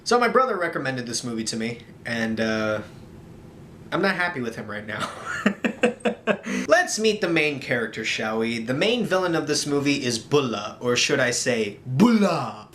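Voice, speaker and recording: A man narrating a comedic movie review in a sarcastic, exasperated tone. His pitch leaps around a lot. A faint low rumble sits behind him. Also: sing-song, normal speed, pushed and bright.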